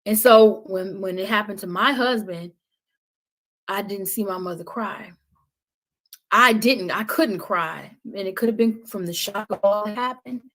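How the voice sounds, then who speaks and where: A woman speaking as a podcast guest, impassioned, with a preaching cadence that swings between loud and hushed. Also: medium pitch, a little slow, rough recording. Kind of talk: passionate podcast talk.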